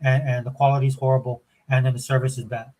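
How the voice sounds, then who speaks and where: A man's voice: mid-range voice, flat delivery, fast talker, mellow, low-quality recording. A middle-aged man co-hosting a podcast, talking casually and animatedly, rambling through stories with lots of fillers. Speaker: podcast co-host. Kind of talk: casual chat.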